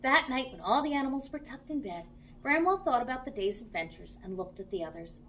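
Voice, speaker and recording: A woman reading a children's story aloud, in an animated, expressive way. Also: on the high side, fairly quick, background noise.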